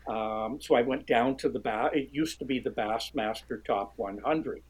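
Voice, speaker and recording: A middle-aged man with a husky voice, telling a lively story as an interview guest, often restarting his sentences. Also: moderate pace, poor audio. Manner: animated storyteller, restarts often, jumps high when quoting others. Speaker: guest, fishing writer. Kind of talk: storytelling conversation.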